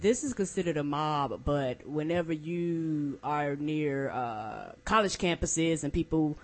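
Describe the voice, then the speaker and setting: A man co-hosting a casual news discussion podcast, backing up his partner with quick agreeing remarks. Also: on the high side. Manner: supportive, quick agreeing interjections. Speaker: podcast co-host.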